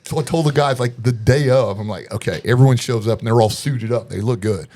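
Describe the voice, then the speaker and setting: Animated man telling a story. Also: medium pitch, fairly quick. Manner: animated storyteller acting out quoted voices, laughs often. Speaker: podcast guest. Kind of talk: casual storytelling.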